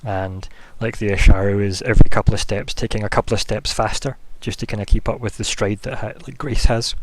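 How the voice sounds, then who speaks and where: A man's voice: on the low side, fairly even intonation, brisk, noisy background. A man narrating as game master of a tabletop game in a casual, rambling way, with many fillers.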